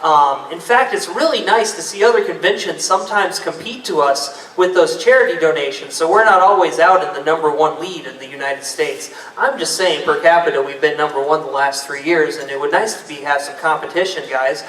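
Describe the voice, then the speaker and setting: A man's voice: on the high side, moderate pace, a bit bright. A man from a convention tech team telling a joking story with playful plugs to a live audience. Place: convention panel room. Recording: echoey room mic from far off.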